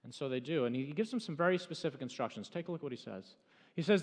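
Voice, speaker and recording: High-voiced pastor telling a dramatic sermon story. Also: male voice, expressive, fast talker. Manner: dramatic, swings from loud to hushed. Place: church sanctuary. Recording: church hall reverb.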